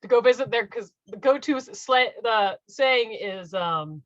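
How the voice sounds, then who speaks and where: A woman's voice: a little high, measured pace, no room sound, highs cut off. A woman with a Midwestern American accent, co-hosting a podcast in casual chat, telling stories and laughing often. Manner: laughing, animated storytelling. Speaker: podcast co-host.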